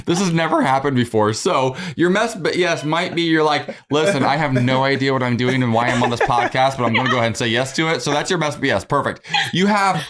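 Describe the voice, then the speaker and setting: A man's voice: medium pitch, quick pace, hardly any pauses, over a noisy crowd. A man co-hosting a podcast in casual chat, teasing his guests and laughing often. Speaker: podcast co-host.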